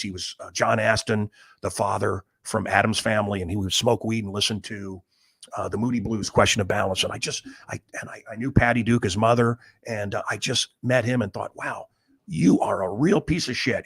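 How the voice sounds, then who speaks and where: A man's voice: on the low side, fairly bright tone, husky. A middle-aged man, a radio host, telling rambling celebrity stories in blunt, profane casual talk. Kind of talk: casual storytelling monologue.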